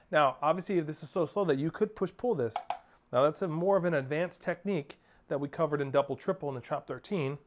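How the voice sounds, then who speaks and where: With slight background noise and percussion playing, a man with a fairly high voice teaches drums. This percussion teacher keeps his coaching steady, counts off, and vocalizes rhythms as syllables.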